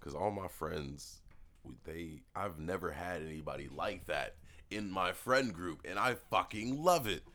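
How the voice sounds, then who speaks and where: A man's voice: low voice, animated, a little slow, a bit bright. A man co-hosting a casual podcast who laughs often, swears freely and eggs his co-host on. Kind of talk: casual chat.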